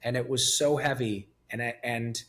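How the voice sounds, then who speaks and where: A man's voice: mid-range voice, fairly even intonation, normal speed, fairly bright tone. A man in his fifties speaking as a guest in a candid interview, blunt, profane and emotionally raw. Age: 50s. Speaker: podcast guest.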